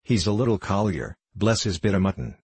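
A hearty, hot-tempered coal miner father speaking broad dialect, as a male reader puts him on. His voice is mellow, deep and slightly husky. It sounds dry and close, like a storybook reading. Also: lively intonation, brisk, no echo, exaggerated voice. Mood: fond.

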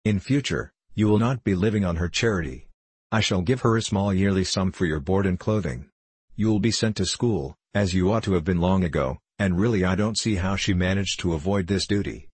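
Anxious old lady, soft-hearted, pleading, deep husky tone, read by a man. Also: brisk, no room sound. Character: nervous, kindly old aunt, a wealthy lady. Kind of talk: audiobook character voicing.

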